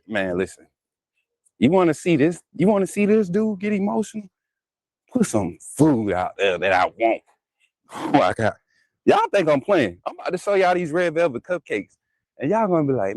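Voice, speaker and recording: A man's voice: mid-range voice, big pitch swings, normal speed, pauses often, dry recording, poor audio. Chatty man hosting a live show. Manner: chatty, laughs often, talks straight to viewers. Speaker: host of a live sports talk show. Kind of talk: casual live-stream chat.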